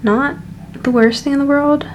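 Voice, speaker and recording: A woman's voice: high voice, steady tone, normal speed, a little hiss or hum. A young adult woman talking candidly in a casual diary vlog, rambling with restarts as an animator at home. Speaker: animator vlogger.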